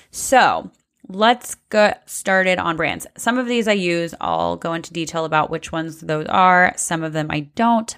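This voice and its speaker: A woman hosting her own podcast as a brow technician, talking casually and chattily with many fillers. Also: on the low side. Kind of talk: casual solo podcast talk.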